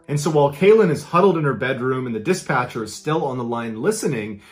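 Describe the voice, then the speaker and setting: A man's voice: medium pitch, animated, fast talker, few pauses. A man hosting a channel, telling a true story in a casual, conversational way with chatty asides. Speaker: storyteller host.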